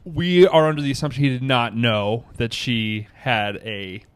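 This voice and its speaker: Animated man co-hosting a chat. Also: medium pitch, a little slow, clear, resonant tone. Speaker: podcast co-host. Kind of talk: casual chat.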